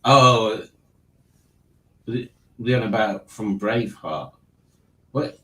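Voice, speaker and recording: A man's voice: fairly low pitch, slow pace, pauses often, pushed and bright, roomy sound, low-quality recording. Wry man hosting a quiz. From Liverpool, England. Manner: wry, mocking the questions. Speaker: quiz host. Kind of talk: casual quiz hosting on a stream.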